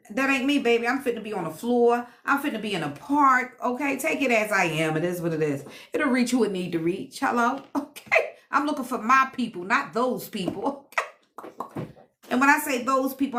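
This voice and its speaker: A woman's voice: on the high side, a bit bright. A woman hosting a casual live stream at home, a self-described healer and teacher who reads comments, laughs often and talks to viewers in a sassy, playful way.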